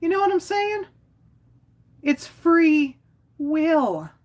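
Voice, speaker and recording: A woman's voice: extremely high pitch, big pitch swings, very slow, a little mellow. A woman hosting her own livestream, talking casually and bluntly, rambling with lots of "like" and chuckling as she goes. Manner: outspoken, rambling, frequent "like". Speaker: livestream host.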